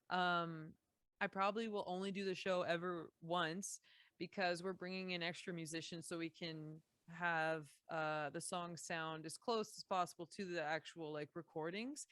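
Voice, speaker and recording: A woman's voice: on the low side, a bit bright, no room sound. A young Canadian woman from Saskatchewan, a musician guest chatting casually on a podcast with lots of fillers and restarts.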